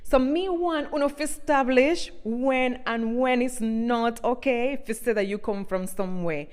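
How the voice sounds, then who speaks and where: A woman's voice: fairly high pitch, unhurried, smooth. Cuban woman in her forties, mixing patois with a rolled R. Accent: Cuban Spanish mixed with Jamaican patois. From Cuba. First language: Spanish. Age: 40s. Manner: animated, sassy, speaks in patois. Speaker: TikTok creator. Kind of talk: direct-to-camera social video rant.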